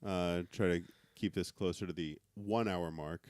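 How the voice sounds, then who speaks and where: A man's voice: sits low, steady tone, moderate pace, darkish tone, no room sound. A man co-hosting a podcast in casual chat, often stammering over his words and laughing. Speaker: podcast co-host.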